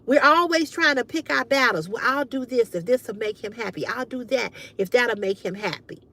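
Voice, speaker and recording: High-voiced woman giving frank livestream advice. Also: normal speed, pushed and bright. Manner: emphatic, frank, swears freely. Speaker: livestream host. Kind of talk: casual advice chat to viewers.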